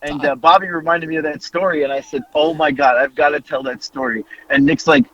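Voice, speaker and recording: A man in his forties, a podcast co-host, telling a story in casual chat and acting out the quotes with big jumps in pitch. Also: fairly even intonation, quick pace, few pauses, fairly bright tone. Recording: dull lo-fi audio.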